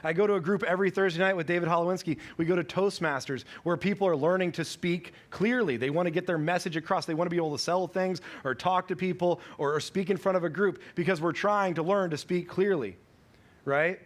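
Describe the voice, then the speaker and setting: Delivering his sermon at a brisk clip, this high-voiced pastor in his thirties recounts a family story in a conversational way, stopping to correct himself as he goes.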